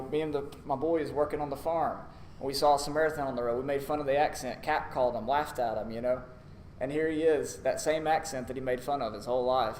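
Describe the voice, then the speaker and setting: A man preaching a sermon in a conversational, storytelling way, acting out short asides. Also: on the high side. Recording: echoey room with faint noise.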